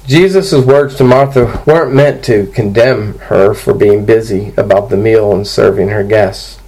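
Gravelly-voiced man preaching a sermon. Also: fairly low pitch, measured pace, darkish tone, low-quality recording. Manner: earnest expository preaching, quoting scripture. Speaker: pastor.

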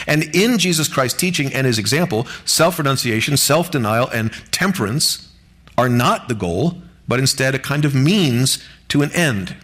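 A man preaching a sermon to his congregation in an earnest, measured way, lifting his voice on key words. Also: medium pitch, expressive, fairly bright tone. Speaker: pastor.

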